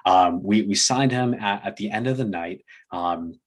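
A young man telling a casual story as a podcast guest, relaxed and full of fillers. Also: lowish voice, normal speed, breathy edge. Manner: relaxed, many fillers, laughs between phrases. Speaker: podcast guest, fitness coaching business owner.

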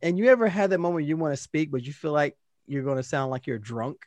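Lively man telling stories on a podcast. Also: fairly high pitch, fast talker, no room sound. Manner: animated, acts out quoted exchanges. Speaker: podcast co-host. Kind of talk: casual storytelling chat.

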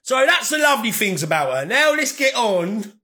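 A man's voice: very high voice, sing-song, moderate pace, sharp tone. A young man chatting casually to his viewers, rambling and swearing, laughing often. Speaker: vlogger.

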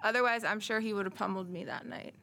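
A middle-aged woman speaks as an interview guest, her voice bright and edged with a gravelly fry. She tells her story in an earnest, measured way, with frequent pauses. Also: mid-range voice, steady tone, slight background noise. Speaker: interview guest, survivor of domestic abuse. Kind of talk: personal testimony in interview.

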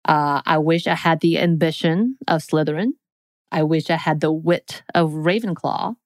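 A woman's voice: deep voice, fairly even intonation, moderate pace, darkish tone, no echo. Playful woman reading out a quiz. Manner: playful, jokey, reads out lists. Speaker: podcast co-host. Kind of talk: casual chat, reading a quiz aloud.

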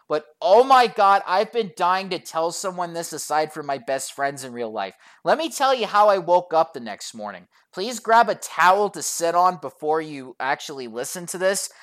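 Sarcastic, swearing woman telling a story. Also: low voice. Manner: profane and sarcastic; exasperated. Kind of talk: storytime vlog narration.

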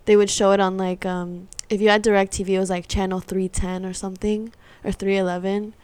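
A woman's voice: medium pitch, level tone, fairly quick, darkish tone, clear, resonant tone, no room sound. A young woman chatting casually on a podcast, rambling and giggly. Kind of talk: casual chat.

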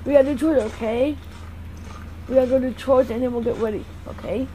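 A woman's voice: high-pitched, steady tone, a little fast, dark tone, slight background noise, rough recording. A woman vlogging outdoors as a mother, chatty and soothingly reassuring. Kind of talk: casual vlog. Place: outdoors on a path.

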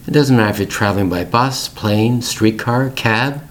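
A man's voice: fairly low pitch, normal speed, few pauses. A middle-aged man hosting an English-learning podcast, telling a family story in plain, repetitive words for learners.

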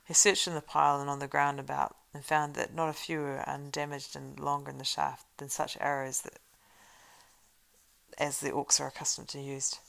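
A woman reads a storybook aloud in a steady voice that now and then stumbles over a word. Her voice sits low and carries a gravelly fry. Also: normal speed, low-quality recording. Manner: steady reading with small stumbles. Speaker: reader. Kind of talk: storybook read-aloud narration.

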